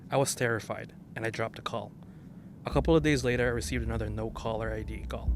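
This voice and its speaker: A man's voice: on the low side, steady tone, quick pace, noisy background. Man telling his story plainly. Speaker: interviewee. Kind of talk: interview answers.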